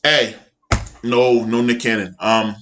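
A man's voice: mid-range voice, flat delivery, slow, a bit bright. A man hosting a podcast in casual chat, teasing his co-hosts and wrapping up the episode. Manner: teasing, wraps up the show. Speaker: podcast host.

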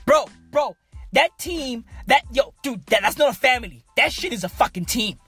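A woman's voice: sits high, animated, moderate pace, fairly bright tone, soft background music. A woman hosting a podcast from inside a parked car, delivering a crude, repetitive comedic rant. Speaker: podcast host.

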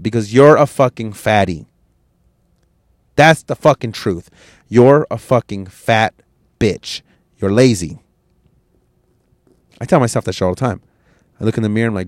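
A man's voice: lowish voice, normal speed, no echo. Host, male, 30s: crude motivational rant, dry close sound. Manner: blunt and crude, swings from quiet musing to loud scolding. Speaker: podcast host.

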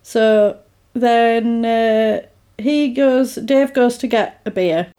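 A woman's voice: on the high side, steady tone, very slow, mellow, smooth. A woman in casual chat, animatedly retelling a film plot and acting out the characters' lines.

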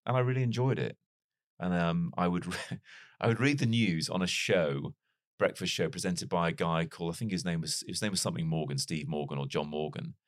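A man with a very deep voice and a light Liverpool accent tells stories in a relaxed interview. He talks in a chatty, self-deprecating way with quick asides. The recording is dry and close, with no room sound. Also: no echo. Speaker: broadcaster and interview guest. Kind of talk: casual conversational storytelling.

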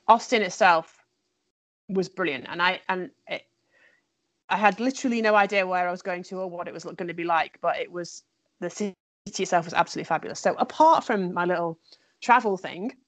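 A woman's voice: on the low side, no echo. Chatty woman teacher, dry sound. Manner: chatty, enthusiastic, many fillers and restarts. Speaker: French teacher. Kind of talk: casual conversation.

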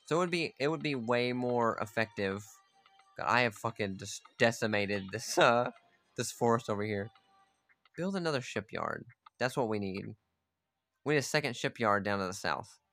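A man's voice: mid-range voice, animated, normal speed, fairly bright tone, soft background music. A man giving casual, profane gameplay commentary, chatting aloud and ordering his units around as he plays. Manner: chatty, swears freely, talks to his units. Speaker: gamer playing a strategy game.

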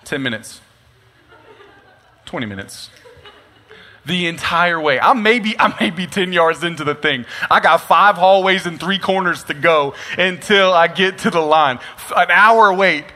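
A young man preaching a sermon, telling a comic story with lively asides. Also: high-pitched, a little slow. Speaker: pastor. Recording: long reverb of a large hall.

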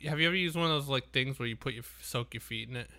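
Man, bright tense voice, podcast co-host, laid-back, defensive, casual swearing, says dude a lot. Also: mid-range voice, rapid-fire.

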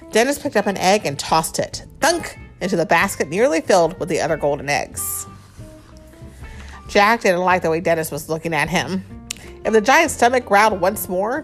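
Animated woman reading a storybook aloud. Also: on the low side. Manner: animated, laughs often, chats with the child. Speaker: storybook reader. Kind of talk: reading a picture book aloud to a child.

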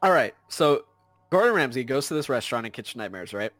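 A man's voice: mid-range voice, big pitch swings, quick pace, fairly bright tone, dry recording, soft background music. Man telling a story, insistent and profane. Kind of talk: casual profane chat.

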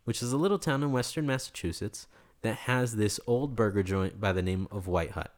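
A man's voice: on the low side, brisk. Young man from New York telling stories. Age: young adult. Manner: animated, acts out the people he quotes. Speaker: interview guest. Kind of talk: storytelling in a casual interview.

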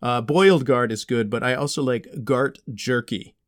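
A man's voice: medium pitch, normal speed, lightly acted. A man voicing a friendly, goofy young male dragon in playful role-play with a child, cheery and giggly. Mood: jolly. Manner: cheery, giggly, rambling about made-up snacks.

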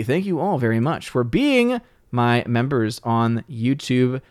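A man hosting a livestream, signing off casually, thanking viewers and reading supporter names with lively upward lifts. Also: mid-range voice, a little slow, no room sound, clean studio sound. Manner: jokey, playfully mangles words. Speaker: livestream host. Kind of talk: casual stream sign-off and shout-outs.

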